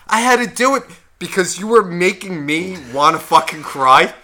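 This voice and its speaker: A man co-hosting a podcast, telling a wedding story in a profane, animated way with loud outbursts. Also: high voice, normal speed. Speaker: podcast co-host. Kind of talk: casual chat.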